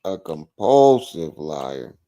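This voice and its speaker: A man hosting a livestream, reacting to a clip with animated, mocking commentary. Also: a bass voice, slow pace, lo-fi sound, a little hiss or hum. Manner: animated, mocking, repeats phrases. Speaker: livestream host.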